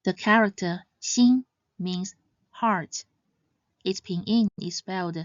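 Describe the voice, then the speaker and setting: A woman teaching Mandarin pronunciation in scripted narration, saying each example syllable louder and higher. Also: takes it slowly, no room sound. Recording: slightly dull, dry sound.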